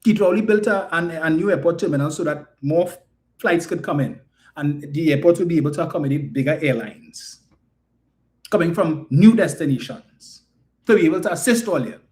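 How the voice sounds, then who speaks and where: A man's voice: a little high, a little fast, a little mellow. A man with a Trinidadian accent giving an emphatic, indignant political commentary monologue full of rhetorical questions.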